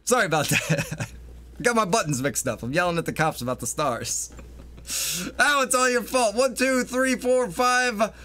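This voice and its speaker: A man streaming an improvised game role-play as a bank robber, jokey and animated, with flustered bursts. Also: high voice, a little slow.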